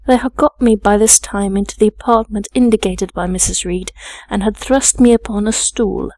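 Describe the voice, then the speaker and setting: Audiobook narrator, woman, measured and composed, dry close sound. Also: mid-range voice, fairly even intonation, a little mellow, dry recording. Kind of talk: scripted narration.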